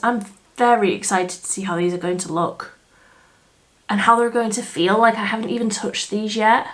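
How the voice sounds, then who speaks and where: Beauty vlogger, Yorkshire woman, chatty and excited, unhurried delivery, mid pitch. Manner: chatty, enthusiastic, with frequent fillers and laughs. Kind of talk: casual makeup review chat. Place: indoors under artificial light.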